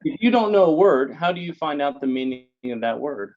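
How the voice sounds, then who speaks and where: A man's voice: a little high, lively intonation, brisk, dull audio. A man, a guest in an interview, explaining things in a lecturing way with many fillers and tag questions. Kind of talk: explanatory conversation.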